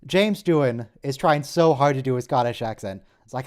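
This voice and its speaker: A man's voice: medium pitch, moderate pace, few pauses, darkish tone. A man co-hosting a movie watch-along, chatting casually and tossing out wry questions and jokes. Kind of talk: casual chat over a movie.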